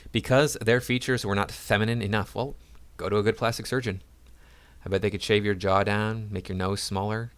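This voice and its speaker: A male video commentator reads news stories aloud and keeps interrupting them with sarcastic, mocking remarks. His voice sits on the low side. He talks in a casual, off-the-cuff way between the quoted passages. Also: a bit bright. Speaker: YouTube commentator.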